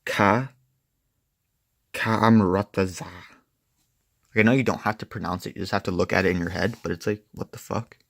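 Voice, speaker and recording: A man's voice: low voice, fairly even intonation, normal speed, creaky, fairly bright tone, dry recording, studio quality. A young man reviewing a comic book in casual, rambling, profane chat, full of "like" and "and stuff". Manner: rambling, profane, filler-heavy.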